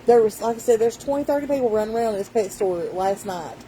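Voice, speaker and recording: A woman's voice: fairly high pitch, expressive, quick pace, dark tone, slight background noise, rough recording. A woman, telling a rambling story in casual vlog chat. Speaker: vlogger.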